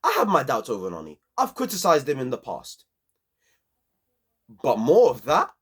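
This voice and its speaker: A man's voice: medium pitch, huge pitch swings, normal speed, a bit bright, husky. A young man, giving a passionate, slangy football match review on his own channel.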